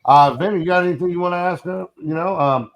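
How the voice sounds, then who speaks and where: A man's voice: high voice, quick pace, gravelly. A man hosting a podcast in a loose, chatty way, leading the talk and the breaks. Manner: loose, chatty, drops fillers. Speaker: podcast host. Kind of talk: casual podcast chat.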